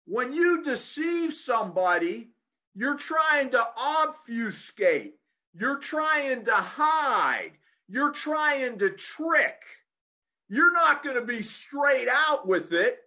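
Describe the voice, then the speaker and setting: A man preaching a sermon, emphatic and full of rhetorical questions, repeating phrases for emphasis and swinging between shouted points and low asides. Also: big pitch swings, takes it slowly.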